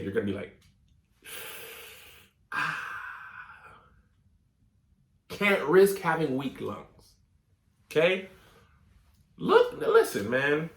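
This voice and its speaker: A man hosting a comedic advice show, reading listener letters aloud and reacting in a mock-serious, animated way. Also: a little high, slow pace, pauses often, echoey room. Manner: animated, mock-serious, coughing fits as a bit.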